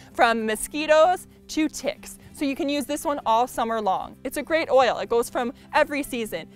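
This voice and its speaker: Woman, high voice, upbeat product review, playful, faint music behind. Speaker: essential oil specialist.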